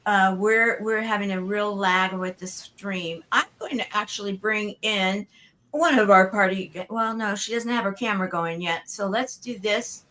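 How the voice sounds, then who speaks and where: A woman's voice: mid-range voice, pushed and bright. A woman hosting a live online party show over a video call, effusive and bubbly as she calls on each guest. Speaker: show host.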